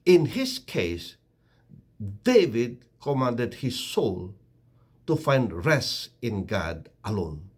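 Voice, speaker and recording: A man's voice: sing-song, extremely slow, darkish tone, slightly rough. A man giving a short devotional sermon on a Bible verse, earnest and emphatic. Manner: earnest, rising emphatic pitch on key words. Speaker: preacher.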